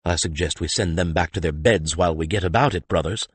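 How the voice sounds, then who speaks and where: A man voicing a calm, authoritative older male leader who speaks smoothly and commandingly. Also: sits low, quick pace, no echo.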